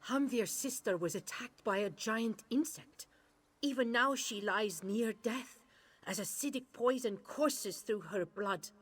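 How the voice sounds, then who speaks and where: A woman's voice: fairly high pitch, lively intonation, unhurried, slightly rough. An actress voicing an anxious woman traveler in a video game, earnestly asking for help for her husband.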